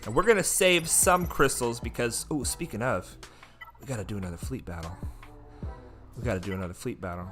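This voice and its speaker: A man giving excited live commentary while playing a mobile game, chatting with his viewers as he goes. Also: medium pitch.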